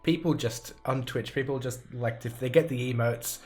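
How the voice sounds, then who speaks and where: A relaxed interview host chatting casually, full of fillers and trailing phrases. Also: mid-range voice, moderate pace, soft background music. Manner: relaxed, rambling, filler-heavy.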